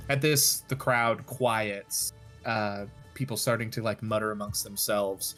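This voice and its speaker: A man's voice: on the low side, fairly even intonation, measured pace, a bit bright, faint music behind. A man narrating a tabletop game as game master, hesitating often with fillers.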